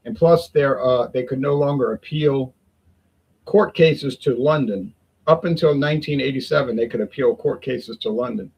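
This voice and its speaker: Gravelly, husky man rambling casually. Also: mid-range voice, normal speed, dull audio. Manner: rambling, conversational, folksy. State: sweating in the heat. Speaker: beer review vlogger. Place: home in Toronto, windows open.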